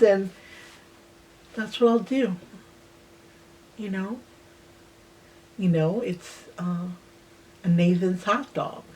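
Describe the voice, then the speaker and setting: A woman in her sixties slowly telling a personal childhood memory in a reflective way, sometimes dropping to a near-whisper. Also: lowish voice, a little mellow. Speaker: host. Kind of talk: personal storytelling.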